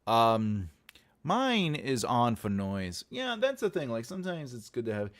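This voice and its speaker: A man's voice: mid-range voice, huge pitch swings, measured pace. A man from New York with a New York accent, hosting a casual livestream chat as an author and rambling through self-deprecating asides. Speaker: host, author.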